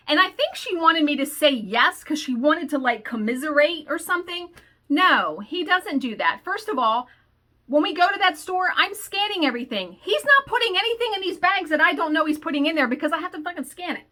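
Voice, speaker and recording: A woman talks through a story from her weekend in a relaxed vlog chat. She is blunt and swears freely, sounding exasperated. Her voice is bright and sits a little high. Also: moderate pace. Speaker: stitching vlogger.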